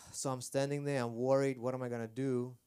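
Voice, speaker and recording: A man's voice: mid-range voice, little pitch movement, normal speed, dark tone, clean tone. A man performing rambling, self-deprecating stand-up on a comedy club stage. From Armenia.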